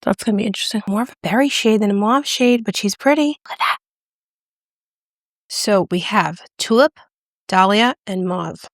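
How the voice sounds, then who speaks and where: A bubbly, excitable woman chatting through a makeup review and demo, gushing over each shade. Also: mid-range voice, normal speed, dry recording, clean studio sound. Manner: drops to a whisper when excited. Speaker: beauty vlogger. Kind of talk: casual product review and demo.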